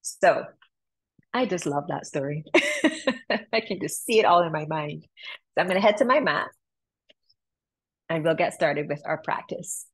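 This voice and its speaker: A woman's voice: low voice, expressive, measured pace, long pauses, slightly rough, poor audio. A woman yoga teacher telling a story in a chatty, casual way, laughing often, then guiding a practice.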